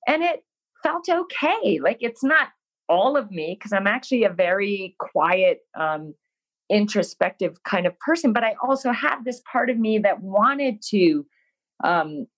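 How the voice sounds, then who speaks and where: A woman's voice: medium pitch, unhurried, low-quality recording. A woman guest in an interview, telling a personal story in a frank, self-deprecating way and acting out her own past words. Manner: frank, self-deprecating, animated when quoting herself.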